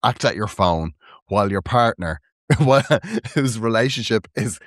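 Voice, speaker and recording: A man's voice: on the low side, expressive, unhurried, dry recording, studio quality. A man co-hosting a comedy podcast, chatting animatedly, joking and laughing often. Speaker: podcast co-host. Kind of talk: casual comedy chat.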